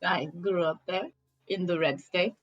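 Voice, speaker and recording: A woman's voice: on the low side, a little slow, no echo, faint music behind. A woman voicing a composed fish-creature woman in human skin, speaking in stiff, overly polite phrases with a Russian accent. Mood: formal. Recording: dull, dry lo-fi mic.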